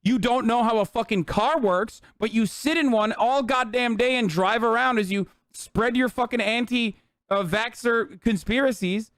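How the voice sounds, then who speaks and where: A man's voice: extremely high pitch, moderate pace, fairly bright tone, clear, resonant tone, no room sound. A man streaming, reacting to a video in a blunt, sarcastic, profane rant. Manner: blunt, sarcastic, swears a lot.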